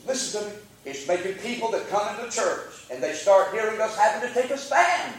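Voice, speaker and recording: Fervent preacher man in echoey church. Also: sits high. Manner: fervent, call-and-response preaching, rising to shouts. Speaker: pastor. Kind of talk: sermon. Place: church sanctuary. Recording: very echoey church, mic at a distance.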